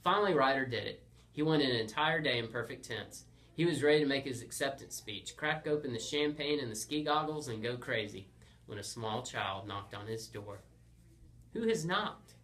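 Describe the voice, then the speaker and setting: Bright-voiced man narrating a comic story. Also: medium pitch, moderate pace. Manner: playful, deadpan comic delivery. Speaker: storyteller host.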